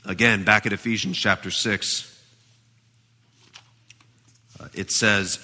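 Brief: male pastor delivering a sermon, emphatic and lively, bright tone, reverberant sanctuary. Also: fairly low pitch, takes it slowly, pauses often. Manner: emphatic, animated preaching.

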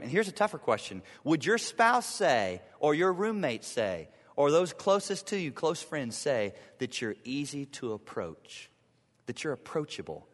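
A man's voice: medium pitch, fairly bright tone, big-room sound. A man preaching a sermon to his church, acting out the people he quotes in shifting voices. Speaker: pastor. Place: church sanctuary.

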